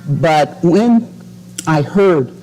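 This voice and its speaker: A woman's voice: sits low, lively intonation, extremely slow, mellow, faint music behind, rough recording. A woman stands up to give a public comment at a board meeting, her voice charged with emotion. She speaks in an accusatory tone and stops often with ums and restarts as she builds her case.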